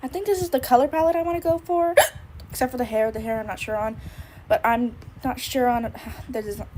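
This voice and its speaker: A woman's voice: on the high side, fairly even intonation, brisk, warm tone, slight background noise, low-quality recording. A woman streamer with the hiccups, rambling casually and thinking aloud as she draws on a live stream. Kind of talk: casual drawing stream chat.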